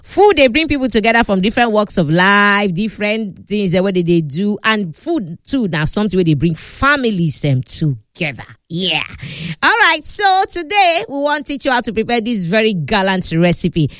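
A woman's voice: mid-range voice, big pitch swings, normal speed, a bit bright, no echo. A woman with a Nigerian accent hosting a studio cooking show, walking viewers through a recipe in a chatty, teasing way. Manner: chatty, teasing, fond of sound words. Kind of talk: lively cooking demonstration in pidgin.

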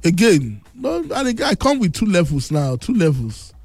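A brash man with a Nigerian Pidgin English accent, boasting and teasing his listeners in casual radio banter. His voice is husky and thick from being under the weather, and it swings widely up and down. Faint music plays behind his dry, close voice. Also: sits high, very animated, normal speed, a little mellow, dry recording.

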